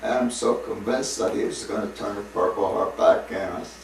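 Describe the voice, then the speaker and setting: A man's voice: fairly low pitch, normal speed, few pauses. A man in his seventies, a war veteran, telling old stories in a rambling way and chuckling between them. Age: 70s. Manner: rambling storyteller who chuckles between anecdotes. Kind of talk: recounting war memories. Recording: echoey room with distant mic and faint noise.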